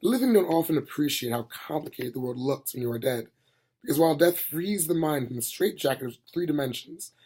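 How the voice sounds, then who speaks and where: Husky man reading a novel aloud. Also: a little high. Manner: plain, steady reading with small slips. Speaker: reader. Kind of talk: amateur audiobook reading.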